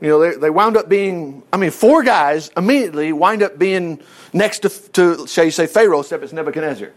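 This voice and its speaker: A man's voice: fairly high pitch, animated, a little fast. A man teaching a Bible chapter in a loose, rambling way, laughing often and acting out the quotes. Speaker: preacher.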